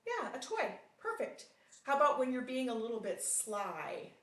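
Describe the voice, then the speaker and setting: Woman, phonics tutor, encouraging and deliberate; reverberant, distant recording. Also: a little high, very animated, a bit bright. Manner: patient, encouraging, with frequent praise; slow, deliberate sounding out of words. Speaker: phonics teacher. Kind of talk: one-on-one phonics lesson. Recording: roomy sound from off mic.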